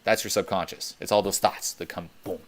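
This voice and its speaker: Deep-voiced, blunt, swearing dating coach. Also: male voice, fairly even intonation, brisk. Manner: blunt, profane, emphatic. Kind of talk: teleconference coaching talk.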